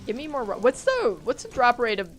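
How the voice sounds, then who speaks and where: A woman's voice: fairly high pitch, very animated, a little fast, slight background noise. Jumpy young woman streaming a game. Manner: jumpy, swearing, talks to chat. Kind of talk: live gameplay stream chat.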